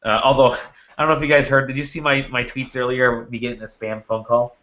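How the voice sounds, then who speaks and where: Male podcast host, bright and forceful tone, rambling storyteller, muffled lo-fi sound. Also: mid-range voice, level tone, quick pace. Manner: rambling storyteller with many restarts. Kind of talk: casual podcast chat. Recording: dull lo-fi audio.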